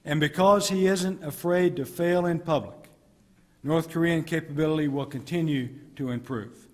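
A middle-aged American man, a military commander, delivering a formal prepared speech with measured, emphatic pauses. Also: fairly high pitch. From United States. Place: ambassador's residence reception hall. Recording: long hall reverb.

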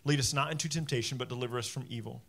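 A man in his forties, a pastor giving a sermon in a conversational, animated way, with many asides to the congregation. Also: medium pitch, racing, vocal fry. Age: 40s.

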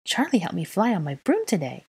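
A woman voicing an excitable little boy in a storybook reading, high and bouncy. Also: a little fast, husky, heavily acted. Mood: excited.

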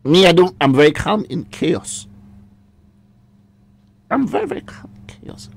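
A man with a breathy, breaking voice that often drops near a whisper, telling a story animatedly as a guest in a radio studio. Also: fairly high pitch, a little hiss or hum. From Ghana. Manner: animated, emphatic, repeats himself. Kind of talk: casual radio interview, storytelling.

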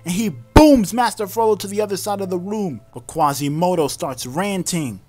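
A man's voice: high-pitched, normal speed, a little mellow, faint music behind. A man doing comedic play-by-play commentary over a film, joking and slangy. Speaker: comedic sports-style commentator.

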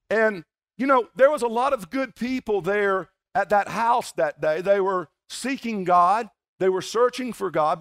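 Man, Southern US accent, pastor, high voice, folksy storytelling sermon, faint music underneath. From South Georgia, US. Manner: conversational, folksy, playful asides to the congregation. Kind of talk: sermon with prayer and personal storytelling. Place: church service before a congregation.

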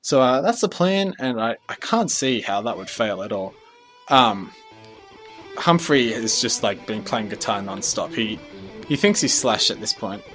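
A young man giving rambling, jokey commentary over his own gameplay, easily excited. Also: on the low side, a little slow, faint music behind. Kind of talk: casual let's play commentary.

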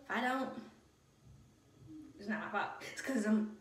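A chatty young woman with a fairly high voice talks straight to her viewers in a casual vlog. She drifts between hushed asides and loud bursts. The phone sits back from her in an echoey bathroom with water running. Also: moderate pace, long pauses, a little hiss or hum. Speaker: vlogger. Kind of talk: casual get-ready-with-me vlog. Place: bathroom at the sink.

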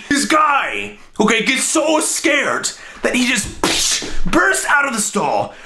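Young man telling an animated comic story. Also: very high voice, slow pace, few pauses, music in the background. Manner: animated, exaggerated comic delivery. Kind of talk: comedic story monologue.

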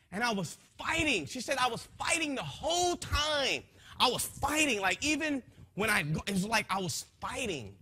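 A man with a high, bright voice and a husky edge tells his testimony to a gathering. He talks in a folksy, rambling way with many restarts, and swings between quiet reflection and loud, impassioned bursts. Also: big pitch swings, normal speed. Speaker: speaker giving a testimony. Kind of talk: emotional spoken testimony to a gathering.

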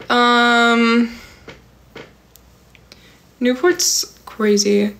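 This young woman's voice is a little high and a bit bright, with fairly even intonation and a slightly slow pace. A Californian livestream host, she reads viewer comments aloud and answers rambly, with plenty of "like" and "um."

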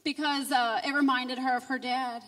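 A middle-aged woman giving an emotional personal testimony at a church conference, moving from quiet storytelling to loud, fervent preaching. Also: high voice, steady tone, moderate pace. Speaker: conference speaker. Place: church sanctuary. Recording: reverberant hall, distant mic.

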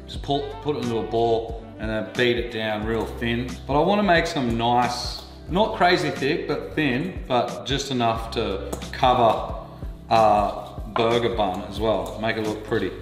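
A man's voice: medium pitch, a little slow, roomy sound, faint music behind. An Australian man hosting a casual cooking vlog, talking in a laid-back, crude way and swearing freely. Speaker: cooking show host. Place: home kitchen.

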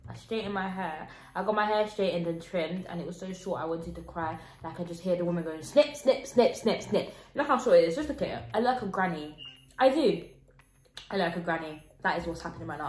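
A woman's voice: lowish voice, fast. A teenage girl, chatting in a casual reaction vlog, giggly and self-mocking. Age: teens. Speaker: vlogger. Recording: roomy echo, faint music.

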